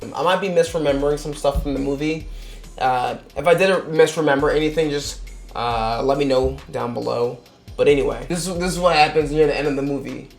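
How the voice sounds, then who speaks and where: Young man, casual rambling reviewer, profane, a touch high-pitched. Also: brisk, vocal fry, soft background music. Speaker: movie reviewer.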